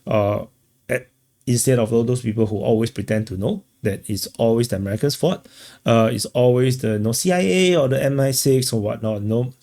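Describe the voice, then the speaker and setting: A man hosting a casual commentary, talking in a halting way with many fillers and restarts. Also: mid-range voice, warm tone. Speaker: commentator host.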